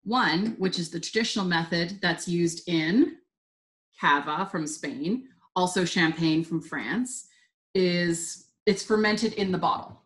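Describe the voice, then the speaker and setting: A woman teaching a live online wine tasting, chatty and upbeat. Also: lowish voice. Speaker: wine instructor. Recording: roomy echo.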